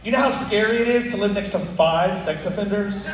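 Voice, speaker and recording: Man, stand-up comedy, high voice, animated delivery, echoey club recorded from far off, laughter behind. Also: slight background noise. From Texas. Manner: fast, animated storytelling, loud punchlines. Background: audience laughter.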